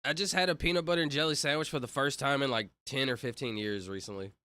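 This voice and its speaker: A man's voice: medium pitch, fast talker, pushed and bright. A man casually chatting on a livestream, rambling and joking while reading viewer comments aloud. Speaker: streamer.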